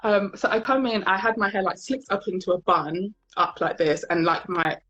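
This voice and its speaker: A woman's voice: medium pitch, moderate pace. A young woman hosting a casual live-stream chat, telling stories and acting out the voices of her colleagues. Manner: animated storyteller, acts out quoted colleagues. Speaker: host. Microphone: phone or webcam on a live video call. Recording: muffled live-stream audio.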